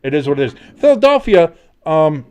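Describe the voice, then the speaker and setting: A man's voice: on the high side, very animated, brisk, darkish tone, clear, resonant tone. A man co-hosting a casual sports podcast, rambling and swearing freely with lots of fillers. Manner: profane, rambling, heavy fillers. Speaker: podcast co-host.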